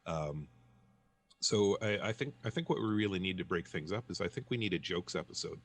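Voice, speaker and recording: A man co-hosting a podcast, chatting casually and telling a joke with halting pauses. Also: sits low, expressive. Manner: halting, many fillers while storytelling. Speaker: podcast co-host.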